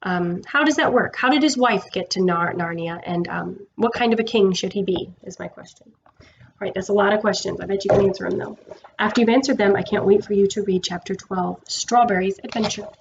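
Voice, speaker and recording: A woman's voice: mid-range voice, brisk, vocal fry, lo-fi sound, background noise. Woman teacher reading a chapter aloud. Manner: warm, conversational, with fillers. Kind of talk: read-aloud storytelling.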